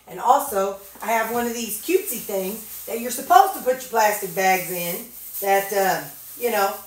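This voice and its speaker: A woman's voice: medium pitch, normal speed. Chatty woman in an echoey kitchen. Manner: chatty, thinking aloud, many fillers. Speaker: vlogger. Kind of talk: casual chat while organizing. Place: home kitchen. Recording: very echoey room, mic at a distance.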